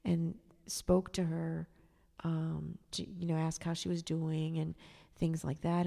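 A woman's voice: on the low side, creaky, mellow, big-room sound. A woman telling a personal story in a chatty, digressive way, with sarcastic asides. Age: adult. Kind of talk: casual storytelling monologue.

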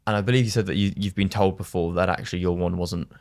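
A man's voice: deep voice, fairly even intonation, fast, darkish tone. A young man hosting a casual podcast interview, speaking thoughtfully with hesitant fillers. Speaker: podcast host.

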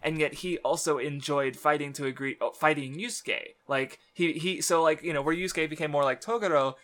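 A man's voice: a little high, fairly even intonation, fairly quick, a bit bright. A man casually discussing a manga series as a podcast co-host, rambling with many fillers and restarts.

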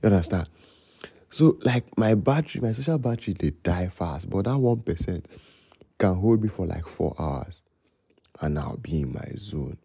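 A young Nigerian man hosting a solo podcast late at night, rambling and freestyling in a low voice and slipping between Pidgin and English. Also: expressive, moderate pace, creaky, warm tone, husky, dry recording. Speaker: podcast host.

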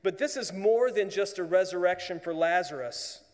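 A man preaching a sermon as pastor, earnest, often dropping to a hushed voice for emphasis. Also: high-pitched, moderate pace, in a large hall.

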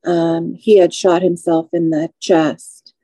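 A woman in her forties with a warm, mellow voice shares a personal testimony as a podcast guest. She speaks slowly and in measured phrases, with feeling. The sound is dry and close. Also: lowish voice, flat delivery, no room sound, poor audio. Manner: measured, slow, emotional recounting.

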